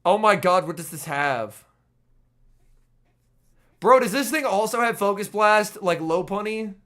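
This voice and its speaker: A man streaming a game and chatting with viewers, his voice hoarse and strained, reacting excitably to the play. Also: sits high, a little slow. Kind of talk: casual gaming livestream chat.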